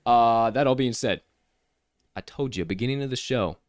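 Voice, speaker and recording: Male betting show host, mid-pitch, dry close mic, loud-to-quiet hype delivery. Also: normal speed, dry recording. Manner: hype-filled, swearing, big swings in pitch and volume. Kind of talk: casual sports betting podcast talk.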